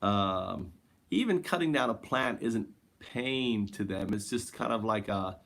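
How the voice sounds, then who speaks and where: A man hosts a laid-back spiritual monologue, rambling and groping for words with plenty of fillers, sometimes fading quieter and slower. His voice is lowish and expressive.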